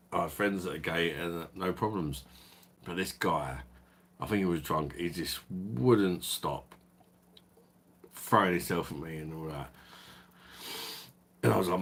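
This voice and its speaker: Low-voiced sweary man. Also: unhurried, pauses often, slightly rough. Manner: sweary, rambling, chuckles often. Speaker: beer review livestream host. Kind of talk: casual livestream storytelling.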